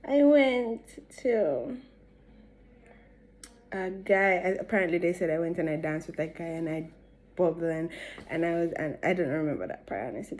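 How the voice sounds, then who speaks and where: Doing her makeup on camera, a young beauty vlogger with a Jamaican accent tells a meandering, talkative story. Her voice is fairly low and a little mellow, and she laughs between sentences.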